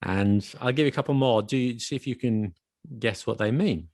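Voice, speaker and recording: A man with a mid-range, slightly mellow voice co-hosts a podcast at a normal pace, recorded in studio quality with no room sound. The talk is a casual chat about accents, and he explains patiently using examples.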